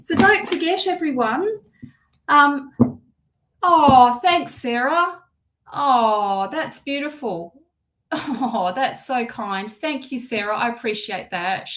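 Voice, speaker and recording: A woman with a fairly high voice hosts a live tarot reading stream. She circles back over the same phrases again and again and stops to read viewer comments aloud. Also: lively intonation, slow, fairly bright tone. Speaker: tarot reader.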